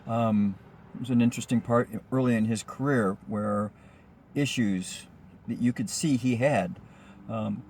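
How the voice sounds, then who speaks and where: A man spinning a casual story from his driving job, chatty and a little rambling, filling gaps with ums as he goes. His voice sits at an everyday middle pitch, with a faint hum of background noise behind him. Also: a little slow, darkish tone. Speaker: rideshare driver telling a story. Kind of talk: casual spoken anecdote.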